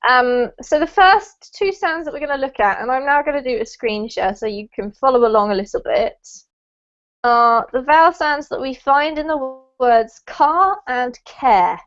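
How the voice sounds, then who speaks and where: A woman's voice: high-pitched, normal speed, a bit bright, muffled recording. A British woman from the UK running an online pronunciation class, chatty and encouraging with frequent ums. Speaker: English pronunciation teacher. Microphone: video call.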